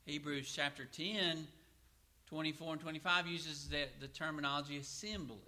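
Bright-voiced man preaching a sermon. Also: on the high side, steady tone. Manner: asks and answers his own questions; slows down to read scripture aloud.

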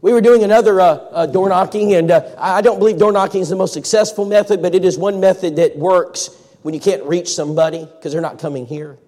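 Folksy preacher in a reverberant hall. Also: male voice, high voice, fairly even intonation, a little fast, mellow. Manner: folksy storytelling, acts out quotes. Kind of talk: storytelling sermon.

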